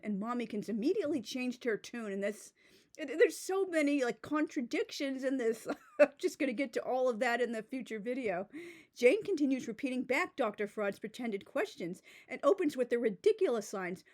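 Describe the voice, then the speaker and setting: A woman's voice: a little high, animated, a little fast. A woman giving a casual, sarcastic book review, reading out passages and mocking them, with many "like"s and restarts. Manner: sarcastic, filler-heavy with frequent "like" and restarts. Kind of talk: casual commentary video.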